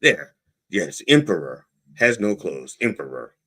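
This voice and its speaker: A man hosting a podcast in a casual, digressive monologue. His voice is low and husky. It rises and falls widely while he rambles and interrupts himself. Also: sing-song, a little slow, sharp tone. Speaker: podcast host.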